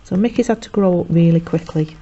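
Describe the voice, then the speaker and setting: A woman teacher speaks in a fairly low, mellow voice, chattily going over a play for revision and performing the characters' lines in quick voices. The dull lo-fi recording carries slight background noise.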